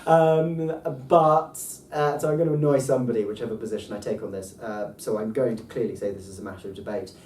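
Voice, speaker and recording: A man teaching a casual language lesson with enthusiasm, often pausing on ums and restarting his sentences. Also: mid-range voice, steady tone, a little mellow. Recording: roomy, distant mic, faint background noise.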